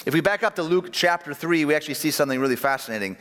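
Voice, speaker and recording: A man preaching a sermon, animated, dropping low and soft on key phrases. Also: racing. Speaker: pastor. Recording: long reverb of a large hall.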